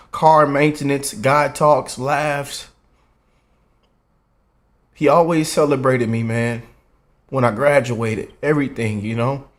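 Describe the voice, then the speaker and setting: A young man, talking through an emotional reaction commentary. His delivery is heartfelt and earnest, peppered with "man" and "y'all". His voice sits at an ordinary middle pitch. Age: 20s. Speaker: reaction channel host.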